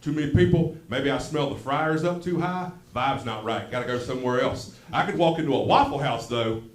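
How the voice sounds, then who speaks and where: A man's voice: mid-range voice, a little fast. A man from West Virginia with a Southern West Virginia accent doing a self-deprecating stand-up set on a comedy club stage. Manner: self-deprecating, drawling storyteller. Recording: echoey club room, audible noise.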